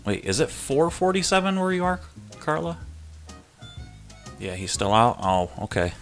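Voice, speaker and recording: A man's voice: medium pitch, sing-song, moderate pace, faint music behind. A man hosting a casual live chat stream, joking and laughing with viewers as he reads their messages. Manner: chatty and joking, laughs often.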